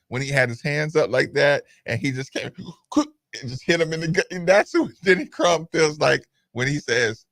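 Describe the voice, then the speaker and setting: Lively bright-voiced man hosting radio talk. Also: a little high, dry recording. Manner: animated, digressive, breaks into voices of others. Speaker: radio show host. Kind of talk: casual talk-show storytelling.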